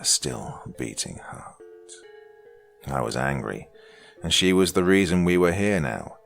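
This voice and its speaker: A man narrating a scripted horror story with a dark, dramatic reading that drops to hushed lines. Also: very deep voice, gravelly.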